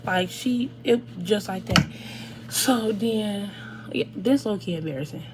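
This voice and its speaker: An eighteen-year-old woman, telling a casual storytime to viewers in an animated, chatty way. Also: mid-range voice, measured pace, a little hiss or hum. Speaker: vlogger.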